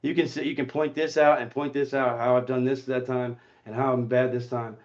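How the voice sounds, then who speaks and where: A man hosting a voice chat stream, talking in a profane, confrontational way that swings between muttering and shouting. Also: medium pitch, flat delivery, brisk, highs cut off. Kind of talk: heated casual voice chat.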